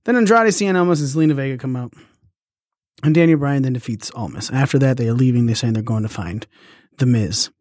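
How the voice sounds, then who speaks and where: A man hosting a casual wrestling recap, talking excitedly, swearing freely and acting out the lines he quotes. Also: medium pitch, brisk, dry recording, studio quality. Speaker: wrestling podcast host.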